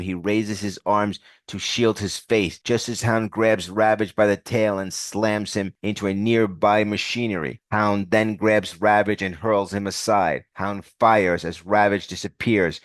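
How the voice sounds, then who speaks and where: A man narrating a comic book story recap in a plain, steady reading voice. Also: on the low side, dry recording.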